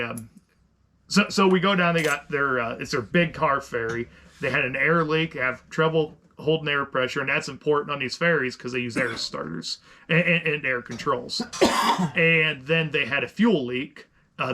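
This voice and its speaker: A middle-aged man co-hosting a podcast, telling a story in casual chat with lots of restarts and rambling asides. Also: mid-range voice. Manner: animated, rambling with many restarts. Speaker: podcast co-host.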